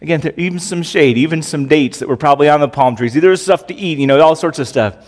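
A man preaches a sermon in a relaxed, conversational way, tossing out rhetorical questions. His voice sits a bit high for a man. A long reverb trails after his words. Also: fast. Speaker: pastor.

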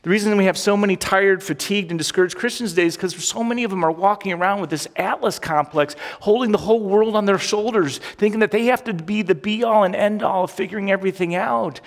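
A man preaching a sermon as pastor, animated and emphatic, with many rhetorical questions. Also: high voice, fast, few pauses. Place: church sanctuary. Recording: long hall reverb.

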